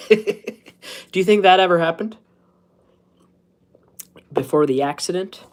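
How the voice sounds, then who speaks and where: A man's voice: high-pitched, wildly swooping pitch, slow pace. A man in his thirties chatting casually on a live stream from home, rambling, self-mocking and laughing at his own jokes. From United States. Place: at home, indoors.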